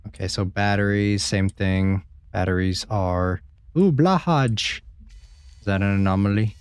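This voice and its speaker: A man's voice: low-pitched, completely flat delivery, moderate pace, smooth. A man streaming a horror game, chatting casually with his viewers, swearing freely and joking as he plays. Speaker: gaming streamer. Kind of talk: casual let's-play commentary.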